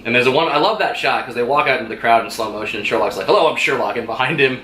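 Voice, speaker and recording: Male vlog host, rapid and bright, chatty reviewer acting out quotes; echoey room. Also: medium pitch. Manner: fast, animated retelling with quoted lines and laughs. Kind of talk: casual chat. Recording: echoey room with faint noise.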